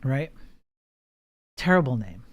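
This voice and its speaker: A man's voice: medium pitch, very animated, slow, dry recording. A man streaming his programming work, casually chatting and trading playful jokes with his viewers. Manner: joking, playful banter with chat. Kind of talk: casual livestream chat, answering viewers.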